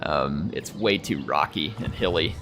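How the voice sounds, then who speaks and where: This streamer's voice is very deep yet fairly bright, delivered at a measured pace against slight background noise. A chatty American with a near-neutral accent and faint drawl, he rambles and laughs often while playing a strategy game live.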